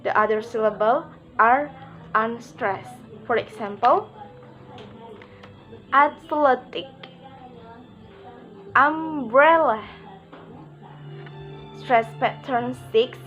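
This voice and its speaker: A woman's voice: on the high side, a little slow, fairly bright tone, highs cut off, faint music behind. A woman presenting a pronunciation lesson, reading it aloud carefully and moving on with "okay, next". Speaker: student presenter.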